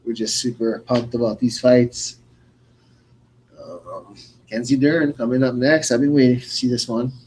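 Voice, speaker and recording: Man, mid pitch, casual radio co-host, rambling fillers, noisy ambience behind. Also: fairly even intonation, a little slow, darkish tone. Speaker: co-host of live fight-night radio show. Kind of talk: casual play-by-play chat.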